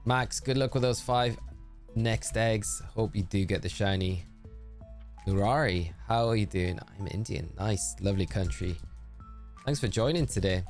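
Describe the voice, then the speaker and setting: A man's voice: fairly low pitch, measured pace, darkish tone, soft background music. A man chatting on a live stream, reading out viewer messages and thinking aloud. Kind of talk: casual live-stream chat.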